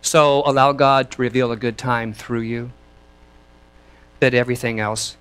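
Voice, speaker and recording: A man preaching a sermon as minister, chatty and lively, laughing between thoughts and leading his congregation in repeating lines. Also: mid-range voice, a little slow, long pauses, clear, resonant tone. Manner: leads the congregation in call and response.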